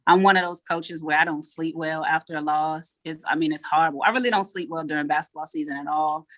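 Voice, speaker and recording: A woman's voice: deep voice, fairly even intonation, fast talker, fairly bright tone, dry recording. A woman, a head coach talking frankly in a casual interview and acting out what people said. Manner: frank, acts out quotes.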